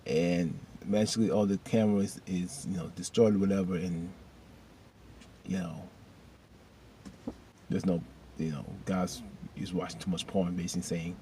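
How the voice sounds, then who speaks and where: A man casually recapping a TV episode, rambling and animated with loose slang. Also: low-pitched, moderate pace, pauses often, slight background noise. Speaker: video host recapping a TV episode.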